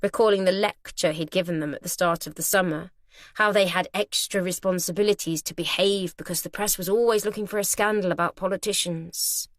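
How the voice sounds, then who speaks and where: A woman reading a thriller audiobook at a measured, steady pace. The recording is very dry and close, with no room sound. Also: fairly low pitch, no echo. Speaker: audiobook narrator. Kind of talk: scripted narration.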